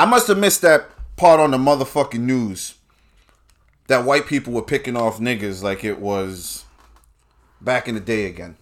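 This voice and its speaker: Profane man ranting in bursts. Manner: profane, animated, swings between loud bursts and low drawn-out asides. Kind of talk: political rant monologue.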